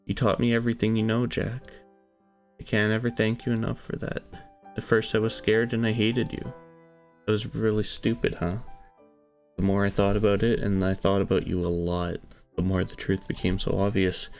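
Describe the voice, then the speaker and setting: A man's voice: on the low side, flat delivery, moderate pace, a little mellow, faint music behind, close to an everyday voice. A man voicing a tearful, devoted young woman who clings to the one she loves.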